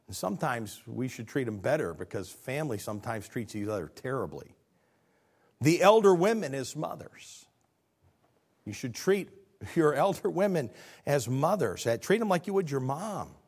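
A man preaching a sermon, earnest and animated, asking the congregation questions. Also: medium pitch, normal speed, husky.

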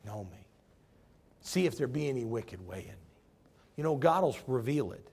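A man's voice: medium pitch, lively intonation, normal speed, vocal fry, darkish tone, breathy edge. A man preaching a sermon as pastor. He tells folksy stories and presses the congregation with direct questions, pushing harder as he drives his points home. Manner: folksy storytelling.

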